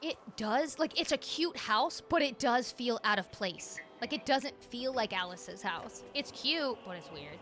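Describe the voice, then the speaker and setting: A woman with a high, bright voice chats candidly to her viewers while she plays a game. Her speech swoops up and down with lots of energy, with faint music underneath. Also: unhurried, few pauses, slight background noise. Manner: candid, animated, chatty. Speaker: streamer. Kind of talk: casual gaming livestream chat.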